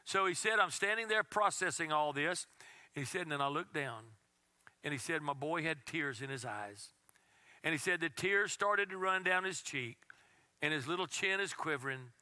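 A man preaching a sermon as pastor, telling a story in a conversational way and dropping to a soft, intense tone. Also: fairly high pitch, normal speed, no room sound.

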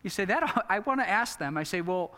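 Pastor, male, slightly high voice, conversational sermon full of rhetorical questions, church hall reverb. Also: expressive, a little fast, bright, forceful tone. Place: church sanctuary.

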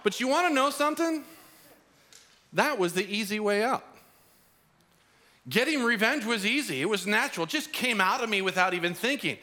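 A pastor preaching a sermon, his voice bright and a little high for a man. He tells a personal story and acts out what people said. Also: expressive, normal speed, long pauses. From Arizona. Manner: storytelling with acted quotes.

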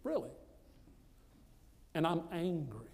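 A man from the United States, pitched a little high for a man, preaching a personal testimony with emphatic, repetitive storytelling. His voice rings out in a hall with a long, lingering reverb. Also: very animated, slow pace, gravelly, darkish tone. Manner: emphatic, repeats phrases for effect. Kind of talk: storytelling sermon.

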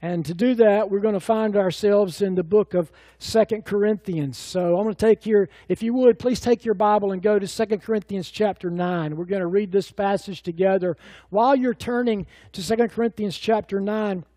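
High-voiced pastor with a mellow tone. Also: male voice, fairly even intonation, normal speed, no room sound. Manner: folksy storytelling with frequent fillers and restarts. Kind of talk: sermon.

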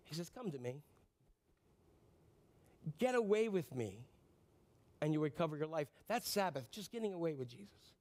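A man preaches a sermon in a somewhat high voice. His delivery is animated, with loud bursts that drop to near-whispers. He asks the congregation questions and answers them himself. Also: a little fast. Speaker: pastor.

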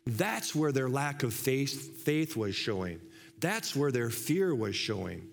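A man's voice: medium pitch, big pitch swings, slow, creaky. A man preaching a sermon in a church, conversational and full of rhetorical questions. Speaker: pastor.

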